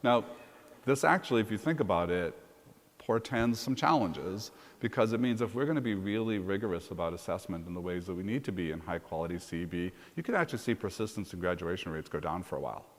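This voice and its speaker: Fast-talking deep-voiced man telling stories. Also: lively intonation. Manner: brisk anecdotal storytelling. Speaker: university president being interviewed. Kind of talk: conference fireside chat. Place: conference hall stage. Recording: long reverb of a conference hall.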